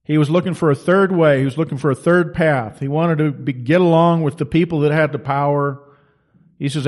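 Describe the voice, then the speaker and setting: A man's voice: on the high side, fairly even intonation, brisk. A man preaching a sermon in an emphatic, colloquial storytelling manner.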